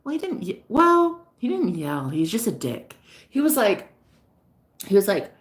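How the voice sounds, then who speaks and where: A woman chatting in a casual, gossipy vlog monologue, animated and profane, often laughing as she talks. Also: medium pitch, a little slow. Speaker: spiritual reader and vlogger.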